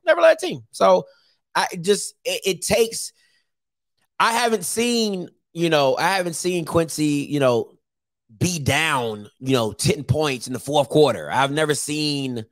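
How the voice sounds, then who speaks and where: Lively, animated male YouTube host. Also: a little high, no room sound, studio quality. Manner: animated, teasing, lots of fillers. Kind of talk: casual live-stream talk.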